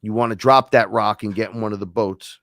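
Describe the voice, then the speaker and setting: A man's voice: fairly low pitch, fairly even intonation, a little fast, fairly bright tone, dry recording. A man hosting a casual spiritual talk, telling stories in a rambling, profane way. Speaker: host.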